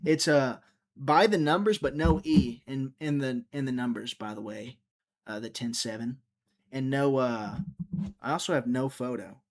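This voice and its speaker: A man's voice: medium pitch, normal speed. A man hosting a casual livestream, rambling and joking as he answers viewers' chat comments. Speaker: livestream host.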